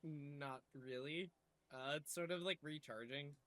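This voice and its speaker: Slow, halting man with a bright voice. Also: fairly high pitch. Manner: hesitant, halting, with pauses. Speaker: player. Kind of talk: tabletop role-play.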